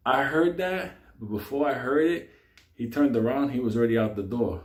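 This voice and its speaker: A man's voice: mid-range voice, normal speed. A man telling a wild story casually, laughing and swearing often as he goes. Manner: profane, laughing, animated storytelling. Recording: echoey room.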